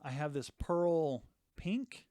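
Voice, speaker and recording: A man's voice: fairly high pitch, lively intonation, slow, mellow, no room sound, studio quality. A man co-hosting a casual podcast, explaining his hobby project in a methodical, detailed way and listing things off one by one. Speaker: podcast co-host. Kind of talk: casual chat.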